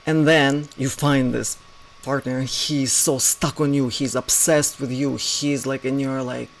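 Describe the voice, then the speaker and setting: A man giving a spiritual teaching as a reflective monologue, posing rhetorical questions and dropping into soft asides. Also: medium pitch, flat delivery, a little slow, gravelly, low-quality recording.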